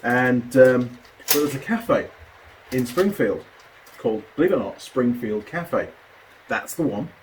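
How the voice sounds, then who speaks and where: Chatty New man, lively storyteller. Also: mid-range voice, measured pace, long pauses, slight background noise. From New Zealand. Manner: chatty, animated storyteller with a laugh. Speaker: mechanic and video host. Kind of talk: casual chat while building a model kit.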